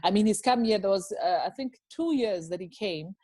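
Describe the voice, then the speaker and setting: A South African woman in her thirties talks over a video call, animated and emphatic, often breaking into laughter. Her voice sits at a middle pitch, and the sound is dry with no room around it. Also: a little fast, no room sound. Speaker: podcast guest, comedian. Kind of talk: casual video-call chat.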